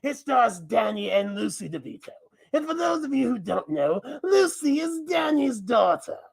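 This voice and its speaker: A man's voice: very high-pitched, very animated, moderate pace, gravelly, breathy edge, exaggerated voice. A man voicing a mischievous male mask persona who has taken over a review show, talking theatrically and giggling between lines. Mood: gleeful.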